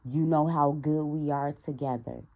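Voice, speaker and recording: Low gravelly woman telling a story. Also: a little slow, highs cut off. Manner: animated, talks straight to her audience, acts out quoted dialogue. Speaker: storytime vlogger. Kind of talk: casual storytime to viewers.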